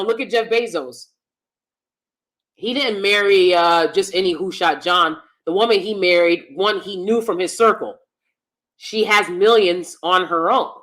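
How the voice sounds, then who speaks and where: This livestream host has a mid-range, slightly bright voice. Reading through viewer comments in a casual chat, she hands out opinionated advice emphatically and repeats things often to make them stick.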